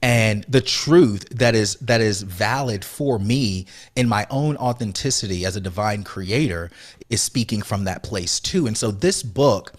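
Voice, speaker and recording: Earnest low-voiced man, heartfelt. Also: measured pace. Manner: earnest, emotional, soft-spoken when recounting, rising with conviction. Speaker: podcast guest, author and motivational speaker. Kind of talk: reflective interview storytelling.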